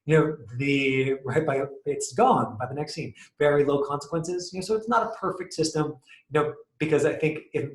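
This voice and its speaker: A man teaching an acting class, casually explaining comedy with lively acted-out examples. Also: fairly high pitch. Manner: animated, acts out quick examples with loud outbursts. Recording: echoey room.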